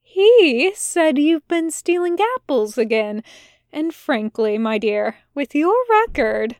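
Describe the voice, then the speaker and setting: A woman's voice: high-pitched, very animated, slow, darkish tone, no room sound, clean studio sound, exaggerated voice. A woman voicing a sardonic, laid-back male demon in a drawling, teasing manner.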